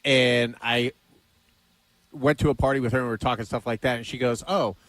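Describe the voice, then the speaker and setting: A man's voice: mid-range voice, fairly even intonation, brisk, a bit bright, no echo, rough recording. A middle-aged man hosting a radio show, chatting casually with a confident, coaxing pep-talk manner. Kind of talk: casual on-air banter.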